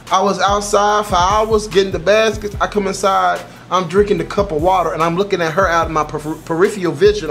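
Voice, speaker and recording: A young man telling a story about an old job in an animated, profane, exaggerated way for his vlog. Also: sits high. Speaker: YouTuber.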